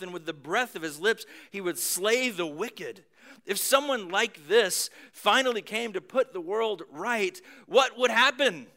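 A man preaching a sermon, moving between booming emphasis and hushed near-whispers, with casual conversational asides. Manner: conversational asides with light humor. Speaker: pastor.

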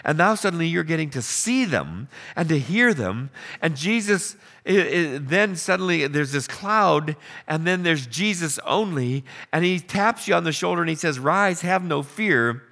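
A man preaching a sermon, telling the story with animated questions and acted-out lines. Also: fairly high pitch, normal speed, vocal fry. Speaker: pastor.

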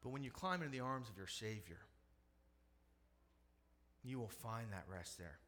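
A middle-aged man, a pastor, preaching a sermon, moving from hushed storytelling to loud, impassioned preaching. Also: on the low side, lively intonation, normal speed.

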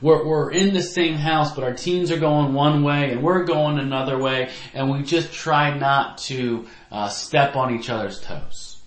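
A man's voice: mid-range voice, measured pace, fairly bright tone. A man preaching a sermon to parents as a youth pastor, earnest and reflective, with personal stories. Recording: echoey room.

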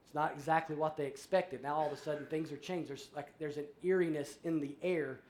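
A male pastor preaching a sermon, animated and conversational, acting out little scenes and reading scripture aloud. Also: a little high, a little fast, a little hiss or hum. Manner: animated, acts out voices in a story, shifts between loud and soft.

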